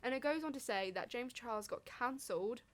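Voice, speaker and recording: A woman's voice: fairly high pitch, fairly quick. Young female student co-host, chatty, reads from notes, upper-register voice. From England. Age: young adult. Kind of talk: casual chat.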